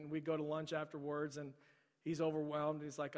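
A middle-aged male pastor preaching a sermon. He tells a story, then pleads softly with repeated phrases. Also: a little high, completely flat delivery, a little fast. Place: large church sanctuary. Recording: long hall reverb.

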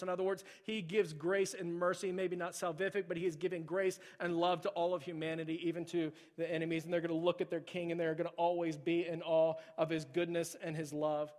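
A pastor preaching a sermon, swinging from loud, urgent delivery to hushed near-whispers. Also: male voice, fairly high pitch, little pitch movement, a little fast, hardly any pauses. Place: church sanctuary. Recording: long hall reverb.

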